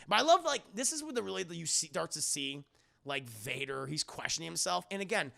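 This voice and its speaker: Excitable, gravelly male streamer. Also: on the high side, brisk. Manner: excitable, profane, laughing. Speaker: streamer reviewing a film. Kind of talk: casual live-stream chat.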